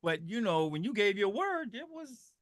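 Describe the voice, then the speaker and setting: A man's voice: sits high, big pitch swings, moderate pace, a bit bright, no echo, clean studio sound. A middle-aged man talking with passion on a radio show, often repeating and restarting his words. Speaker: guest. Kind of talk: impassioned radio talk.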